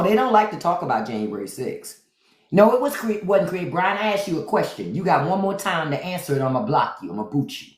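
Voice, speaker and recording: Sassy blunt woman livestreaming in a roomy echo. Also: deep voice. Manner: sassy, blunt, brushes off trolls. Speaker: livestream host. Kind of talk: unfiltered live-stream chat. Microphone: phone for a live stream.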